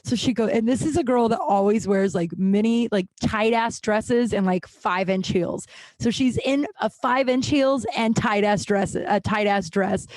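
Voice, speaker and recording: A woman, hosting a casual solo podcast and retelling funny stories in a chatty, animated way with frequent laughs. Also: medium pitch, a little slow, no room sound. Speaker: podcast host.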